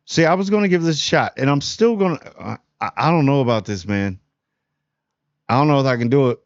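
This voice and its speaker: Blunt, animated man from New Jersey reviewing TV. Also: mid-range voice, a little fast, no room sound, dull audio. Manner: blunt, animated, frequent restarts. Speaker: TV review host. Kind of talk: casual spoiler review.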